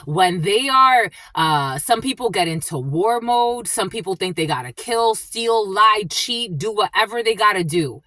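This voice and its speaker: Lively, profane woman spiritual reader. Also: medium pitch, measured pace, few pauses, no room sound. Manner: blunt, profane, animated retelling; addresses listeners as "my lovies". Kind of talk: casual storytelling monologue.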